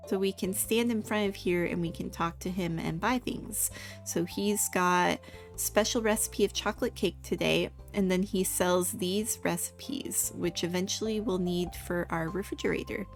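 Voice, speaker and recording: A young woman giving relaxed, chatty commentary while playing a farming game. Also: fairly low pitch, moderate pace, soft background music. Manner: relaxed, chatty, giggly asides. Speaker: gaming video host. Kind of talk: casual gameplay commentary.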